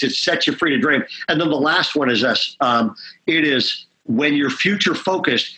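A man's voice: medium pitch, sharp tone, lo-fi sound. A middle-aged man preaching as a pastor, telling stories with energy and checking in with frequent asides. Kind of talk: sermon talk at a conference.

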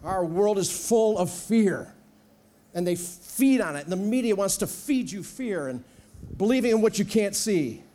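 High-voiced animated male preacher. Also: measured pace. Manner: animated, acts out voices with humor. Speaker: guest preacher. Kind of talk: sermon. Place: church sanctuary.

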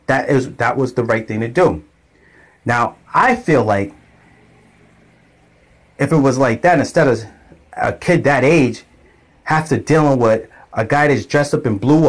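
Man, casual monologue, repetitive, mid pitch, unscripted. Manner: rambling, repetitive, conversational. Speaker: vlogger telling a story.

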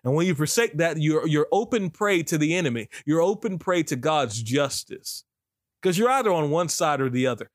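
A man preaching a podcast sermon in a preacher's cadence, breaking into sudden high whoops and exclamations. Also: expressive, moderate pace, no echo, clean studio sound.

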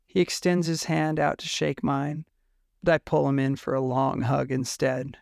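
A man's voice: medium pitch, level tone, normal speed, creaky, a little mellow, no room sound, studio quality. A man reading a first-person romance story aloud in a candid, emotional way. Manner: emotional, candid narration with swearing. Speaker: fiction reader.

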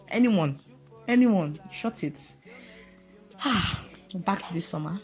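A woman's voice: lowish voice, darkish tone. A woman hosting a casual solo podcast voice note, chatty and playful with self-mocking asides. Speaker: podcast host.

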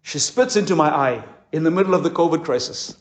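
Man, pastor, impassioned sermon, dramatic pauses, high voice, echoey conference hall. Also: lively intonation.

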